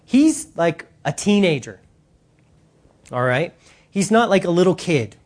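A preacher delivering an animated sermon with emphatic, direct appeals to the congregation. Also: mid-range voice, unhurried.

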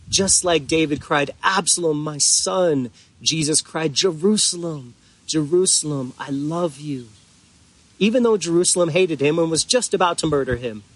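A man preaching a sermon as pastor, earnest and deliberate, with drawn-out pauses for emphasis. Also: on the high side.

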